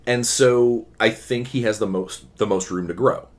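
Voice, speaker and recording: A man co-hosting a casual podcast chat, animated and quick to put on goofy voices. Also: fairly low pitch. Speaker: podcast co-host.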